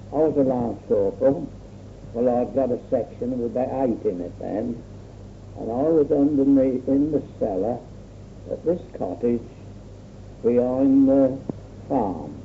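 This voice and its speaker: Old guy rambling through a war story, slow, sounds like a tinny old tape. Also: mid-range voice. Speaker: war veteran. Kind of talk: oral history recollection. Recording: tinny lo-fi old recording with faint hiss.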